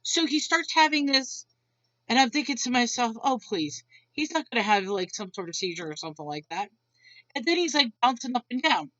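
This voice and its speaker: A woman's voice: on the high side, lively intonation, a little fast, fairly bright tone, no room sound, muffled recording. A woman venting a blunt, exasperated rant to camera, swearing freely as she retells her day. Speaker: vlogger.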